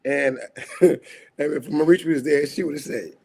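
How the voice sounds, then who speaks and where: Grieving guy on a talk stream, husky and kinda high, emotional, laughs through it. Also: fairly even intonation, moderate pace, a little mellow. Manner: raw and emotional, swinging between laughter and anger. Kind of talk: livestream talk show conversation.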